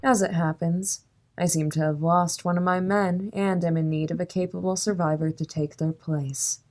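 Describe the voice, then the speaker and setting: A woman's voice: lowish voice, fairly even intonation, moderate pace, a little mellow, natural voice. A woman playing a cold, menacing camp boss.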